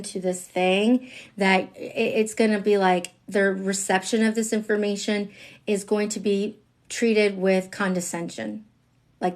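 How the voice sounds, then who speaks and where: A woman gives a casual tarot reading on a live stream, talking candidly and swearing freely. Her voice sits in a middle pitch and jumps between loud emphatic bursts and hushed asides. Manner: chatty, candid and profane, with frequent fillers; animated, jumping in pitch and loudness, sometimes dropping to a whisper. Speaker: tarot reader.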